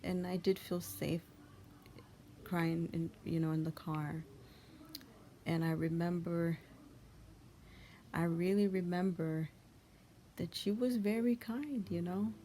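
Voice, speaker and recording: A young woman, a channel host, giving a heartfelt monologue of encouragement in a soft, often half-whispered, gentle and comforting way. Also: on the low side, steady tone, slow pace, pauses often, slight background noise. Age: young adult.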